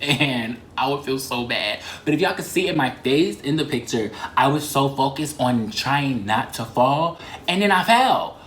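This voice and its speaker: Twenties male vlogger, excitable and profane storyteller, mid-pitched voice in an echoey room. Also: a little hiss or hum. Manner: fast, animated and profane, with slang and many "like" fillers. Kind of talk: casual storytime. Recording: roomy echo.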